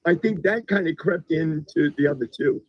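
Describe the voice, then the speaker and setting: Husky-voiced American man, halting. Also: on the high side, no echo. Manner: halting, repeats words as he starts sentences. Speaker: guest. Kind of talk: casual conversation. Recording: dull lo-fi recording.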